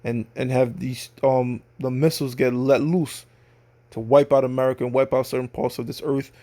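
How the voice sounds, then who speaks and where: A man's voice: mid-range voice, flat delivery, normal speed, warm tone. A man teaching scripture in a loose, slangy, conversational way, often checking in with his listeners. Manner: slangy street talk. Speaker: religious teacher.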